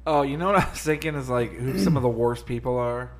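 A man's voice: medium pitch, fast talker. A young man co-hosting a casual podcast chat, laid-back and joking, laughing often. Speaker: podcast co-host.

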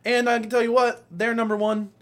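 A man's voice: very high-pitched, little pitch movement, a little fast, background noise. A young man co-hosting a casual podcast chat, ranting animatedly with lots of swearing and laughter. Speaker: podcast co-host.

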